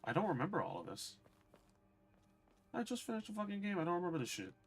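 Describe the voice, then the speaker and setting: A man's voice: sits high, huge pitch swings, fast, creaky. A young man streaming a video game, chatting bluntly and with swearing to his viewers as he plays. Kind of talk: casual gameplay commentary.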